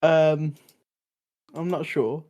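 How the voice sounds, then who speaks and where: A woman from the English Midlands, near Birmingham, co-hosting a casual chat. Her voice sits a bit low for a woman, and she cuts in with quick teasing remarks and giggles. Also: steady tone, warm tone, dull audio. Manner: short teasing interjections, giggly. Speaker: podcast co-host.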